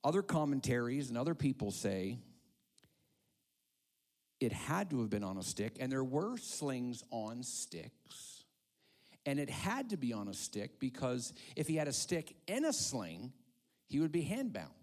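A male pastor giving a dramatic sermon, swinging from hushed whispers to loud calls. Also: mid-range voice, big pitch swings, a little slow.

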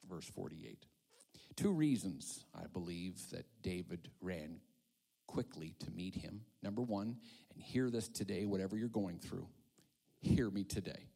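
A male pastor giving a dramatic sermon, swinging from hushed whispers to loud calls. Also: low voice, a little slow, creaky, slightly rough.

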